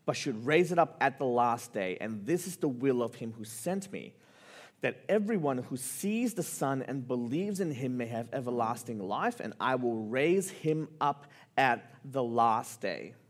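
A man preaching a sermon, telling a personal story with lively, animated delivery that rises with excitement. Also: medium pitch, unhurried. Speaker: pastor.

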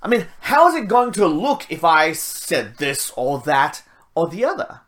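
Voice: medium pitch, sing-song, measured pace, fairly bright tone. A preacher voicing Moses as a hesitant man who stammers and frets in a raised, anxious voice. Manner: stammering, fretful, rising. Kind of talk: sermon paraphrase acting.

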